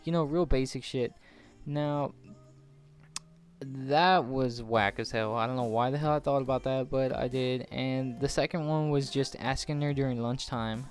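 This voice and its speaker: A man's voice: mid-range voice, fairly even intonation, a little slow, faint music behind. A young man in his late teens telling a personal story casually over gameplay, rambling and swearing with lots of "like". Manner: rambling, profane, full of "like". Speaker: gaming channel host.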